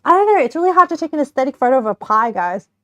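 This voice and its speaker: A young woman streamer cooks and tastes a pie while chatting casually with her viewers, giggling now and then. Her high, sing-song voice moves very fast, and the top frequencies of the audio are cut off.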